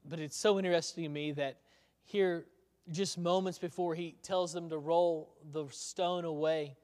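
A man's voice: a little high, steady tone, a little slow, a little mellow. A male preacher giving a sermon in a conversational storytelling way, asking the listeners rhetorical questions. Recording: long hall reverb.

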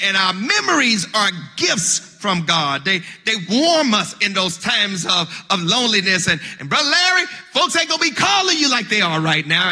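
A male pastor with a very high voice delivers a funeral sermon in a church sanctuary, his rhythmic preaching rising into shouted, sung cadences as he repeats words at the start of phrases. Long hall reverb fills the recording.

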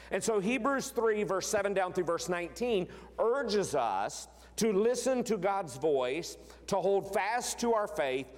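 A man preaching a sermon as pastor, earnest, repeating key words for emphasis and often restarting his phrases. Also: high voice. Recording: long hall reverb.

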